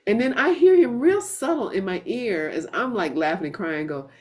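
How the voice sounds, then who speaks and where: A woman hosting a spiritual gathering, telling stories in a casual, animated way, with frequent restarts and some swearing. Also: mid-range voice, normal speed. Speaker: satsang host.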